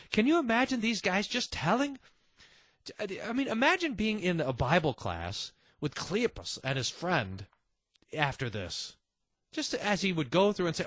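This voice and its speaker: A man with a husky, somewhat high voice teaches a Bible passage conversationally. His pitch swings widely as he drops chuckling, delighted asides. The sound is close and dry. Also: wildly swooping pitch, a little slow, a bit bright, dry recording.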